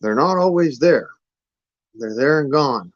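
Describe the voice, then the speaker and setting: A folksy man rambles on in a loose, drawling way and swears freely. His voice sits at an ordinary pitch. The recording is dull and dry, with no room sound. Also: expressive, a little slow, no room sound. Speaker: vlogger. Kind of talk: casual rambling monologue.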